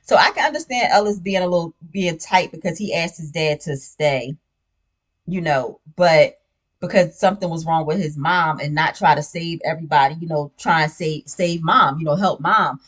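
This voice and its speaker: A woman with a somewhat low voice gives a loose, conversational recap of a TV series. Her talk is slangy and full of "you know what I'm saying". She sips a drink between points. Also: normal speed. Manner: sips a drink while talking. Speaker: TV show recap host. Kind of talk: casual spoiler recap.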